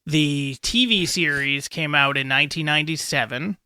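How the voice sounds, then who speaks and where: A man hosts a loose podcast chat, sure of his facts and quick to swear. His voice is bright and a little high. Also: clear, resonant tone. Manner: swears freely, corrects the facts. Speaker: podcast host. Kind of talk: casual chat.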